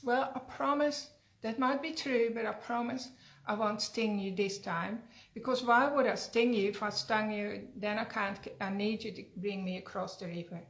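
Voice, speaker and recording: A woman voicing a sly male scorpion in a fable, pleading and smooth-talking in a slightly raised voice. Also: medium pitch, fairly even intonation, moderate pace, a bit bright, lightly acted. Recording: roomy echo.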